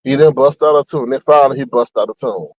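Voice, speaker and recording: A man hosting a casual gossip commentary, talking in a mocking, animated way and acting out what people said. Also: fast talker, no room sound, muffled recording. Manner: animated, mocking, acts out quotes with big pitch jumps. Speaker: commentary channel host.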